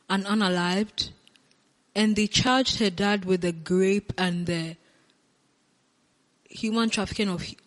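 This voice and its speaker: A woman's voice: medium pitch, fairly bright tone. A woman hosting a reaction video, chatting to viewers and repeating her points. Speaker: reaction channel host. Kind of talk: reaction commentary. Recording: long reverb in a room.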